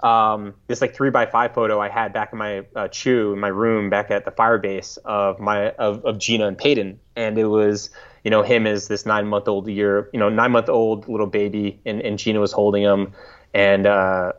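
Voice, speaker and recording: A man in his thirties from the United States, a podcast guest recalling a story in a halting, reflective way, often restarting his sentences. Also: lowish voice, little pitch movement. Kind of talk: casual interview storytelling. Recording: slightly dull lo-fi audio.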